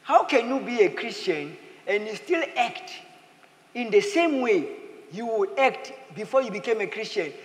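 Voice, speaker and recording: Pastor man preaching, high voice, really bouncy and playful, echoey church hall sound. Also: unhurried. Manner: lively, mixes in playful acted quotes and laughter. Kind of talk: sermon. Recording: echoey hall with faint ambience.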